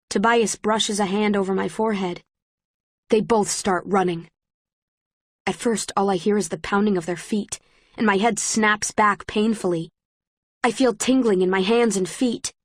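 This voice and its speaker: A woman reading a first-person story as an audiobook narrator, in a measured storytelling manner. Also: mid-range voice, fairly even intonation, no room sound, studio quality. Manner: measured, present-tense storytelling.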